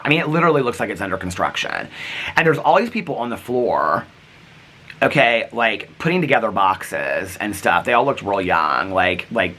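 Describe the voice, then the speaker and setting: A man vlogging, telling a rambling story with lots of asides and quoted back-and-forth. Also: mid-range voice. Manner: chatty, animated, rambling with asides. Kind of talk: casual storytelling vlog.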